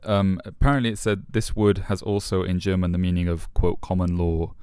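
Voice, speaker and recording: Low, clear-voiced man discussing a book. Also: steady tone, a little mellow, no room sound, clean studio sound. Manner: thoughtful, halting with many fillers. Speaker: podcast co-host.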